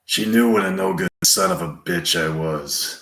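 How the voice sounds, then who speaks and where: A man doing an impression of a weary, hard old gunslinger who talks quietly with a drawl. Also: sits low, moderate pace, creaky, voice pushed down. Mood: grim. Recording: roomy echo, a bit off mic.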